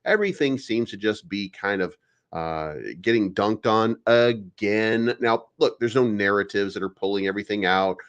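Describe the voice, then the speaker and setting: A man's voice: on the low side, moderate pace, clear, resonant tone, dull audio. A young adult man hosting a crypto show, ranting with sarcasm and mocking viewers in whiny put-on voices. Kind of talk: energetic daily crypto show monologue.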